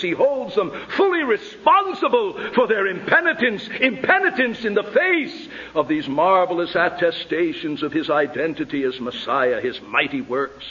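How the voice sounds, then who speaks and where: Impassioned preacher, lo-fi sermon tape. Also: male voice, on the high side. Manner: impassioned, swings from hushed to ringing. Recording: dull lo-fi sermon recording.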